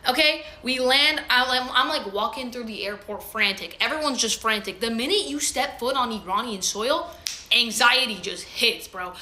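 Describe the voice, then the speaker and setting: A woman's voice: fairly high pitch, moderate pace, sharp tone. A young woman telling a personal story to camera in loose, slangy talk with plenty of swearing. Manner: slangy, loose, swears freely, acts out what others said. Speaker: vlogger. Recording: roomy echo.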